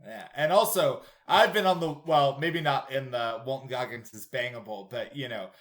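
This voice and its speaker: A man co-hosting a podcast in casual chat, rambling and animated and swearing freely. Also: mid-range voice, normal speed. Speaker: podcast co-host.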